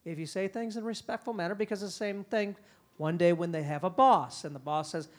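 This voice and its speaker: A middle-aged man speaking at a parenting conference, lively and conversational, often slipping into quick impressions of parents and kids. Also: high-pitched. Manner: animated, acts out parents and kids in quick quoted voices. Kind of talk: conference talk.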